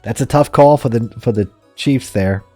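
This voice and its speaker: Excitable, jokey man streaming a game. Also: mid-range voice, normal speed, no echo, faint music behind. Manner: excitable, jokey, laughing often. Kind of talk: game commentary and reading.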